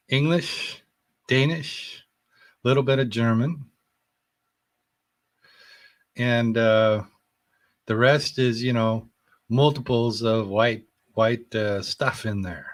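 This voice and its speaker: A man's voice: medium pitch, steady tone, takes it slowly, no room sound. A man talking casually as a podcast guest, earnest and enthusiastic, rambling and searching for words with frequent restarts. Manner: earnest and enthusiastic, with loud bursts of laughter. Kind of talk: casual conversation.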